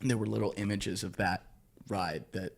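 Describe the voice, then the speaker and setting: A young man, a podcast guest, telling a long story with lots of swearing and sudden shouted quotes, acting out the people in it. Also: lowish voice, steady tone, normal speed, creaky, husky. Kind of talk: animated storytelling in casual conversation.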